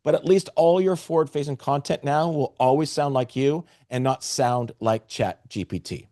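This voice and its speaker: A man's voice: medium pitch, moderate pace, warm tone, dry recording, studio quality. A man presenting a live webinar, talking to the chat with energy and restarting phrases often.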